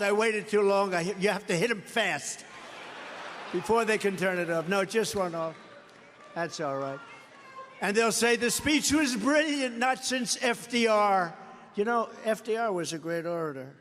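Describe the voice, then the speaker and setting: An older American man with a fairly high speaking pitch delivers a boastful, mocking rally speech full of repeated phrases. His voice rings out with a long reverb through a large indoor arena. Faint crowd ambience sits underneath. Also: a bit bright, slight background noise.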